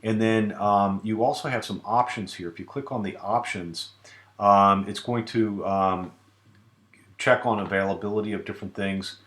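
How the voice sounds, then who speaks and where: A man giving a relaxed screen-recorded software tutorial, with many filler sounds. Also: fairly low pitch, moderate pace, echoey room. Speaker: tutorial presenter.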